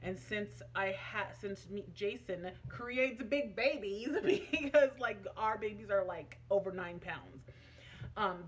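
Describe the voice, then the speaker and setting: A woman's voice: mid-range voice, slight background noise. A young adult woman vlogging casually, telling a personal story in a chatty, emotional way with many fillers.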